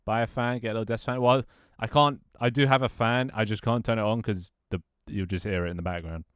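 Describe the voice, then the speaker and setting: Grumbling man, low smooth voice. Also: steady tone, a bit bright, no room sound, clean studio sound. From United Kingdom. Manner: grumbling, swearing, quick to laugh. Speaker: live streamer. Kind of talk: casual live-stream chat. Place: small closed brick room at home.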